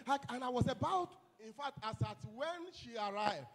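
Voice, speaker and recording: A man preaching a fiery deliverance sermon as pastor, shouting commands and speaking in tongues. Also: very high voice, expressive, brisk.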